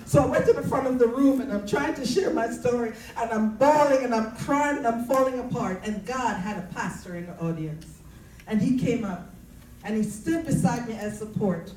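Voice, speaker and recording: A woman shares her faith testimony in an earnest, preaching rhythm, circling back on key phrases. Her voice sits fairly high. She sounds set back from the mic in an echoey room. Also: moderate pace, a little mellow, slight background noise. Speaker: speaker sharing personal testimony. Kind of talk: faith-based testimony talk. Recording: roomy, distant mic.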